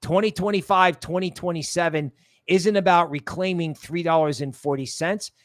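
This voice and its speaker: A man hosts a casual livestream in a slightly high voice. He rambles and jokes, often sinking into quiet low asides. The sound is close and dry. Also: fairly even intonation, normal speed, dry recording. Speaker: crypto livestream host.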